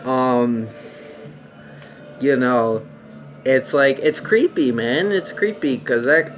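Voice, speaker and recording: A young man talks through a film review in a loose, rambling way, full of ums and restarts, getting excited about the parts he likes. His voice sits at an ordinary middle pitch. A faint hum of room ambience sits behind him. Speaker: movie reviewer. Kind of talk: casual spoken film review.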